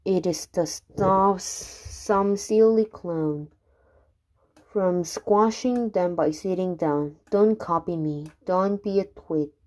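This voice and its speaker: A woman reading rhyming children's poems aloud, unhurried, now and then stumbling and restarting a word. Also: on the low side, a little mellow. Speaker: reader.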